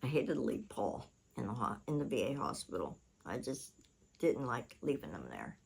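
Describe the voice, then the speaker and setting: A woman's voice: a bass voice, very animated, normal speed, gravelly, darkish tone, slightly rough, low-quality recording. A woman hosting her own channel, telling a long story in casual chat while she cooks. She rambles, corrects herself mid-sentence, and uses blunt, salty words. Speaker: channel host.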